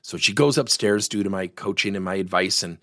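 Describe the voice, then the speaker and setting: A middle-aged man giving a workplace coaching lesson, telling stories and acting out the dialogue with lively energy. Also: deep voice, fairly quick, no room sound, clean studio sound. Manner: animated, acts out quoted dialogue.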